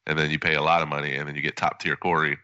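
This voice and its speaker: A man co-hosting a casual podcast, wry and matter-of-fact. His voice sits low with a forceful edge. It is recorded dry, with a slightly dull, lo-fi sound. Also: level tone, very fast, no echo. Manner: wry, lists details matter-of-factly. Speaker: podcast co-host. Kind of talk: casual chat.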